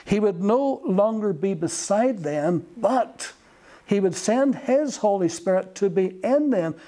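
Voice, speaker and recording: A man preaching a sermon in a slow, emphatic way, pausing between phrases. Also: high voice, expressive, warm tone. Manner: slow, emphatic delivery with long pauses.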